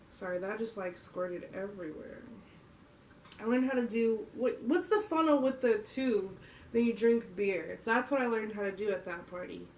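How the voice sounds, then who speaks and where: A woman's voice: fairly high pitch, distant mic, slight background noise. A young adult woman vlogging, telling a story to camera in a casual, slangy way and laughing often. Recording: roomy echo.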